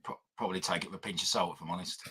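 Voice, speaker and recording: A man's voice: low-pitched, steady tone, rapid-fire, pushed and bright, slightly rough. A man co-hosting a casual live stream, trading teasing banter. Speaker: co-host.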